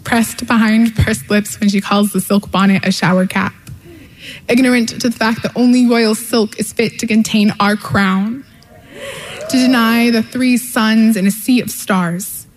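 A woman performs spoken word poetry in a lyrical, measured, rhythmic way. Her voice sits a little high, and a long reverb trails each line as if she is in a large hall. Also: fairly even intonation. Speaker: poet. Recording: echoey hall.

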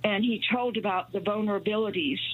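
Woman caller, husky, telephone audio, meandering and halting. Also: medium pitch. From New Mexico. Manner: rambling, halting with many fillers. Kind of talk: call-in radio talk. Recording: tinny phone line.

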